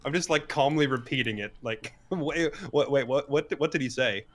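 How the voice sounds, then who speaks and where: A man's voice: medium pitch, moderate pace. Man, mid voice, laughs often, casual tabletop player. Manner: laughing, chatty.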